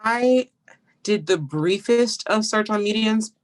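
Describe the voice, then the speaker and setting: A woman, a stage actress on a podcast, talking about her roles in an animated, goofy way. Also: medium pitch, slow pace. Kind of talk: casual interview chat.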